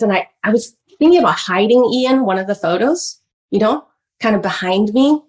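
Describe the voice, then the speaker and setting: A woman guest on a podcast, telling her life story in an animated, chatty way full of "like" and "you know". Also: medium pitch, moderate pace. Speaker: guest author. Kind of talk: personal storytelling in a podcast interview.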